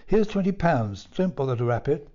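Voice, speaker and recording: A man plays a pompous lord from a storybook, raised a notch above his own voice, all bluster and stiff upper lip. His tone is mellow and dark, and the recording sounds dull and lo-fi. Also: a little high, sing-song, normal speed. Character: pompous upper-class English lord turned chip.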